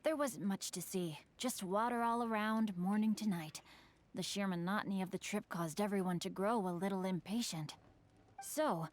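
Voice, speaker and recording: A woman voicing a game character who narrates an account in a measured, storytelling way. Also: mid-range voice, lightly acted. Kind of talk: scripted narration.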